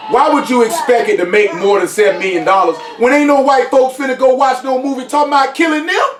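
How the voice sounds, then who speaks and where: A man speaks emphatically in a casual group discussion and keeps checking that his listeners follow him. His voice sits high. He is recorded from some way off in a room with plenty of echo. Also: fast. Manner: emphatic, repeats "you know what I'm saying". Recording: echoey room, voice from a distance.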